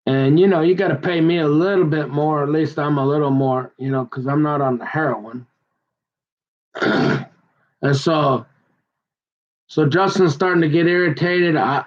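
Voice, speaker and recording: Rambling aggrieved man, lo-fi recording. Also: fairly high pitch. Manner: rambling, halting, full of restarts and asides; aggrieved, heated. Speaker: son recounting a family conflict. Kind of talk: rambling personal account.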